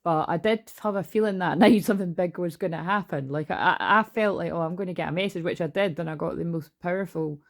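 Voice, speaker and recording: A woman in her forties talks in a loose, rambling way, swearing now and then. Her voice sits fairly low and carries a gravelly rasp. She chats casually about spiritual matters from her bedroom. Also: fairly quick, hardly any pauses. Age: 40s. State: tearful at moments. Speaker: tarot reader.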